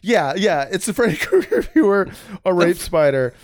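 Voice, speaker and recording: High-voiced man rambling through a film recap. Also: big pitch swings, dry recording, clean studio sound. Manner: rambling, profane, laughing, halting restarts. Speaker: podcast co-host recapping a film. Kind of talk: casual comedic chat.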